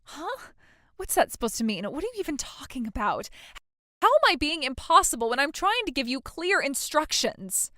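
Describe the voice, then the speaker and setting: A whiny, entitled young bride, played by a woman, stammering and demanding in a dramatized text-message story. Her voice sits high, and the recording is dry and close-miked. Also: very animated, normal speed, bright, forceful tone, dry recording, heavily acted. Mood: indignant.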